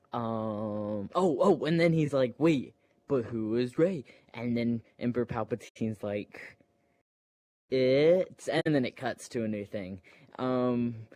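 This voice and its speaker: Man, casual movie retelling, rambling, hesitant, slow, dry close sound. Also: mid-range voice, a little mellow, smooth, no room sound. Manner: hesitant, meandering, many fillers and restarts; breaks off to make playful sound effects. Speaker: storyteller.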